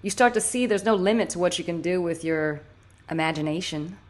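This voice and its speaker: A woman reading the lines of a smug, amused man who casually coaxes his friend toward something dark, in an audiobook. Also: fairly low pitch, fairly quick, lightly acted. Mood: coaxing. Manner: casual, grinning, persuasive.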